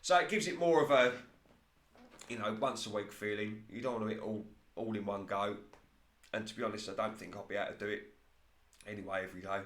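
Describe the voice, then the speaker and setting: A man commentating casually over his own football management game in play-by-play style, getting excited at near misses and laughing at his own slips. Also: on the low side, quick pace, pauses often, reverberant.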